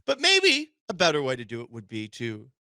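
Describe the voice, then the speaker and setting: A male sports radio host ranting with sarcasm and indignation, jumping between loud outbursts and quiet muttered asides. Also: mid-range voice, huge pitch swings, fairly quick, no echo. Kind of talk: sports talk radio rant.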